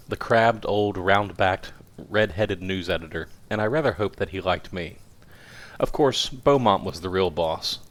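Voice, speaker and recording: A man's voice: low-pitched, a bit bright. A man doing a casual live-stream reading of a novel, with self-deprecating, profane asides. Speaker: audiobook reader, streamer.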